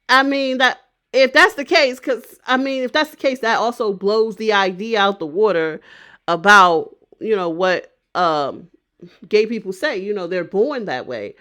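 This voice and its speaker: A woman's voice: a little high, a little slow, fairly bright tone. A woman vlogger giving casual opinion commentary, thinking aloud and often restarting and repeating phrases.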